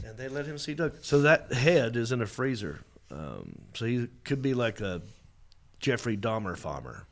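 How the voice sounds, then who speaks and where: Hoarse man hosting a comedy show. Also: lowish voice, big pitch swings, moderate pace. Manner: joking, rambling storyteller. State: hoarse, scratchy throat. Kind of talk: casual comedic chat. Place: studio set with a small crew.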